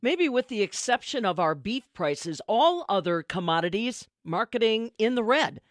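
A woman's voice: mid-range voice, very animated, music in the background. Woman reading farm market news. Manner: brisk, scripted delivery. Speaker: agribusiness news reporter. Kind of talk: news report.

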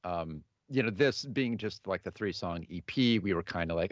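A very low, expressive voice belongs to a musician guest in his thirties, casually answering interview questions about his music. His speech is halting and full of fillers and restarts. The audio is dull and dry, with no echo or surrounding room.

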